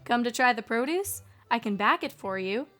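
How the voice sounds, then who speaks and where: A woman voicing a polite, formal female store manager in a fanfic audiobook reading, courteous and softly spoken. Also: on the high side, animated, moderate pace. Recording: faint music behind.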